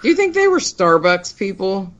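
A speaker from Pittsburgh chatting casually on a podcast, relaxed and agreeable, mostly giving short replies. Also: mid-range voice, normal speed. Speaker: podcast guest. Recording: lo-fi dull sound.

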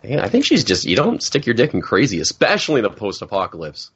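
A man's voice: on the low side, huge pitch swings, fast, fairly bright tone, husky. A man in casual podcast chat, laid-back, chiming in briefly. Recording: dull lo-fi podcast audio.

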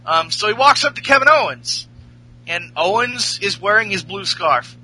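A man's voice: high voice, animated, normal speed, bright, forceful tone, breathy edge, rough recording. A man hosting a podcast, recapping a show in a rambling, profane, casual way. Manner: rambling, profane, laughing storyteller. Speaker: podcast host.

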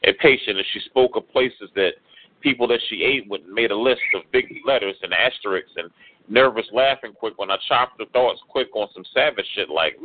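A man's voice: on the low side, normal speed, no echo. Man performing exasperated spoken word poetry. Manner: rhythmic, rhyming, exasperated delivery. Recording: tinny phone-like radio audio.

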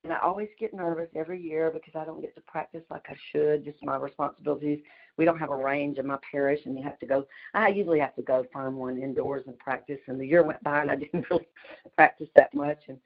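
Fast-talking woman, low voice. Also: steady tone. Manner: fast-talking, chatty, laughs mid-sentence. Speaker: community call participant. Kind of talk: casual storytelling on a group call. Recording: dull lo-fi call audio.

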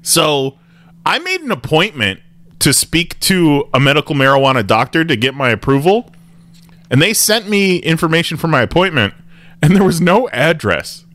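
A man's voice: fairly high pitch, big pitch swings, moderate pace, fairly bright tone, no room sound. A man hosting a podcast in casual chat, rambling with restarts and laughing often. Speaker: podcast host.

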